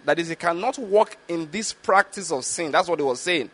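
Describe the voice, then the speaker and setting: Deliberate, slightly high-voiced male preacher. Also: animated, a bit bright. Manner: explanatory, reads scripture slowly and deliberately; checks in with listeners with repeated questions. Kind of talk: Bible teaching sermon.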